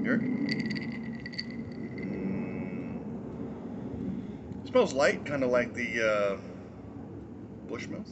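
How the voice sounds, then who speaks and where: A man's voice: on the low side, very animated, takes it slowly, long pauses, very noisy. Rambling, jokey man hosting a tasting. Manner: rambling and jokey, with asides and chuckles. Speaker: host of a drinks review show. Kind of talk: casual tasting review.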